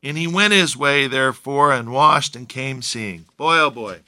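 A man's voice: mid-range voice, a little slow, pushed and bright. A man preaching a sermon in a conversational way, with joking asides to his listeners. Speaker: pastor.

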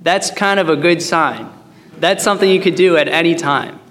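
A man's voice: a little high, normal speed, fairly bright tone. A man teaching a Bible passage in a chatty, joking way, reading verses and explaining them. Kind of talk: casual Bible study teaching. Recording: long hall reverb.

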